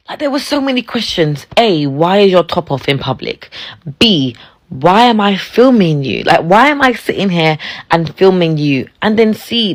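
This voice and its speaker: A woman from England telling a dating story in a casual, animated way, laughing and swearing. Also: mid-range voice, unhurried.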